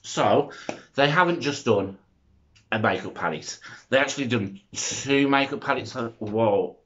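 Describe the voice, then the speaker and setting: A young man, chattering excitedly and rambling through a makeup review vlog, filmed on a front-facing phone camera. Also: medium pitch, measured pace, dull audio, a little hiss or hum. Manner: excitable, rambling, self-interrupting. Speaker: makeup vlogger.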